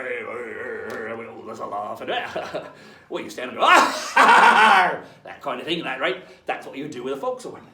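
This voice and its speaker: A man's voice: medium pitch, creaky, roomy sound, recorded from a distance. A man, playing a pirate captain who teaches children in a playful online lesson, chatty and hearty, checking in with "right?" after each point.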